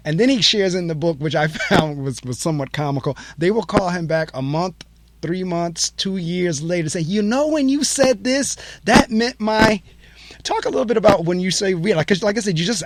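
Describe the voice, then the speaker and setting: A man's voice: a little high, a little fast, dry recording. Rambling interview host, man. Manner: rambling questions with restarts. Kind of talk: casual interview.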